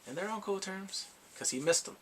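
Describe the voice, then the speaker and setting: A man casually recapping a drama's plot, animated and emotional, acting out the characters' lines. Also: sits high, normal speed, slight background noise. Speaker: drama reviewer.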